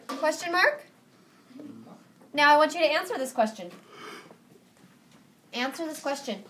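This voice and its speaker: A woman teaching a high school Spanish class, upbeat and encouraging, quick to praise her students. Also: lively intonation, a bit bright, slight background noise. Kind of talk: classroom lesson. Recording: echoey classroom from a distance.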